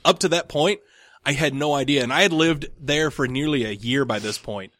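A man's voice: fairly high pitch, moderate pace, fairly bright tone. A man hosting a podcast, chatting casually and telling a long rambling story with many restarts. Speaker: podcast host. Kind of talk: casual chat.

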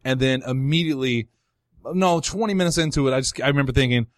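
A male radio host talking in a loose, rambling way, often running himself down. His voice sits at a middle pitch. The studio sound is dry and close. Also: fast, no room sound. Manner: rambling, self-deprecating storyteller. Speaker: radio talk show host. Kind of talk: casual radio show chat.

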